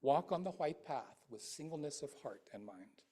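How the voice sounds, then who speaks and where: A man voicing a gentle, reassuring male Buddha in a sermon parable, speaking slowly and soothingly with a husky voice. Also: fairly high pitch, animated. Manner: slow, soothing, fading to a whisper.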